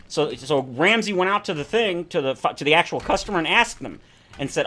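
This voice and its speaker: A man's voice: a little high, lively intonation, quick pace, a bit bright. A man streaming a survival game, chatting casually in rambling, self-correcting tangents. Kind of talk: casual chat while playing a survival game.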